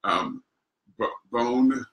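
A man's voice: medium pitch, slow pace, a bit bright, echoey room, rough recording. A man who works as a voice actor, a guest on a casual interview chat, telling anecdotes in an easygoing way and chuckling often.

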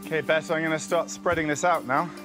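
A man's voice: fairly high pitch, steady tone, fast talker. A man presenting a travel documentary, narrating and interviewing outdoors in the bush with an encouraging manner. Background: background music.

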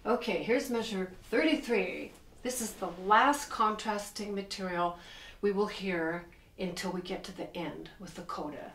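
A middle-aged woman teaching piano, explaining with enthusiasm as she plays and counting the beats out loud. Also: medium pitch, measured pace, slight background noise. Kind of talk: piano lesson. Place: room with a piano. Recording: echoey room, distant mic.

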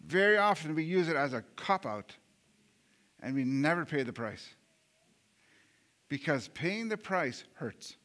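A male pastor with a high-sitting, fairly bright voice preaches a sermon earnestly. He often repeats words and restarts, posing rhetorical questions to the congregation.

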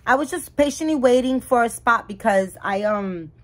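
A woman vlogging about her reborn dolls, telling a story in a chatty, animated way with many restarts and asides to viewers. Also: a little high, normal speed. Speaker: doll collector YouTuber. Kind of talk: casual vlog storytelling.

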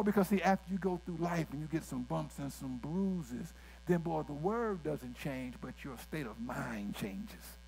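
A man's voice: a little high, animated, unhurried, creaky, hardly any pauses, a little mellow, soft background music, poor audio. A male pastor, preaching a sermon with folksy asides and direct questions to the congregation.

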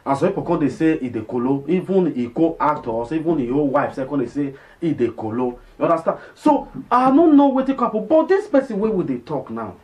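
A man with a Nigerian Pidgin accent talks casually over clips in his vlog. He is chatty and repetitive, often checking whether his listeners follow. His voice sits at an ordinary middle pitch. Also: very animated, fairly quick, hardly any pauses, a little mellow. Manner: chatty, repeats himself, many fillers and "you understand?". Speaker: vlog host. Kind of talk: casual commentary.

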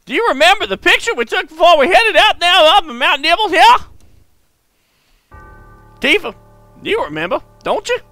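A man putting on the voice of an old frontier gold prospector, high and cackling, for a villain in a game playthrough. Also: big pitch swings, normal speed, pauses often, pushed and bright, no room sound, heavily acted. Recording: faint game music behind.

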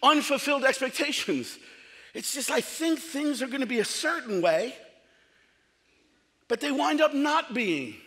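Middle-aged pastor guy, high bright voice, funny animated storytelling, echoey church hall. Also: measured pace, long pauses. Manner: storytelling, comic, animated, acts out quotes. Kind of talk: sermon.

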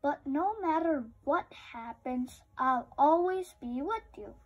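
A woman voicing a gentle, loyal old female dog in a storybook read-aloud. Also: high voice, expressive, takes it slowly, lo-fi sound. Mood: tender.

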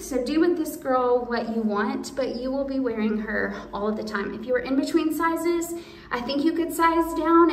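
A woman's voice: sits high, distant mic, slight background noise. Gushing woman, echoey room. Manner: gushing, chatty, addresses viewers as y'all. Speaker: clothing try-on host. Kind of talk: casual product try-on video. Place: room indoors.

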